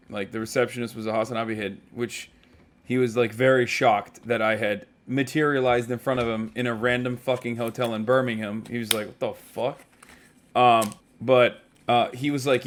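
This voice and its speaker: A man in his thirties telling stories as a streamer in a casual, animated, profane way. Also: mid-range voice. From United States. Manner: animated, profane storytelling with frequent asides. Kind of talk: casual chat.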